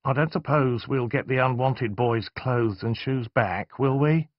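A man's voice: mid-range voice, a little slow, no echo, muffled recording, voice pushed up, natural voice. A man voicing a stern, anxious middle-aged mother who speaks primly and sharply, in a storybook reading. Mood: fretful. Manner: prim and sharp.

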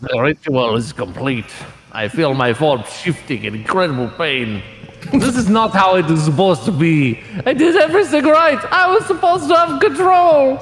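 A man's voice: medium pitch, animated, moderate pace, creaky, a bit bright, roomy sound, big-room sound, voice pushed down, low-quality recording. A man doing a theatrical mock-European accent to read game lore as a tormented man transforming after a failed ritual. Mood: anguished. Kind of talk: dramatic reading of game lore.

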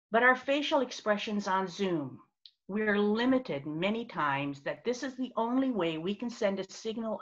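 Woman, video-call workshop speaker, expressive, acts out examples, dull lo-fi sound, mid-pitched. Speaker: speaker on virtual presence. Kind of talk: conversational workshop talk.

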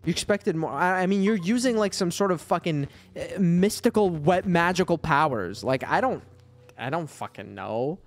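Here the backlog gamer's voice is fairly high and expressive, at a normal speed. He swears casually as he rambles, leaning on filler words and ridiculing the characters in frustration.

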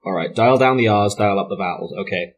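A man's voice: on the low side, fast. A man running a tabletop game as game master, self-mocking and laughing often as he narrates.

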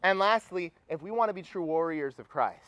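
A young adult man preaching a sermon at a campus retreat, energetic and rallying the crowd. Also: sits high, a little fast.

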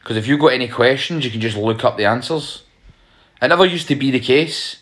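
A young Scottish man delivering a rambling, conversational comic monologue, jumping up in pitch for emphasis. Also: a little fast, fairly bright tone.

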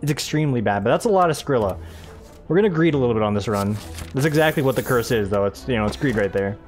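A man's voice: medium pitch, animated, quick pace, faint music behind. Rambling young American gamer guy. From United States. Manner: rambling, chatty, laughs often, jumps between game and his day. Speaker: gaming channel host. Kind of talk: casual let's-play chat.

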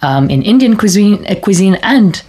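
A woman's voice: medium pitch, big pitch swings, moderate pace, dark tone, slightly rough. A woman from Kenya with an East African accent, co-hosting a radio talk show in playful, teasing chat. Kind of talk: casual chat.

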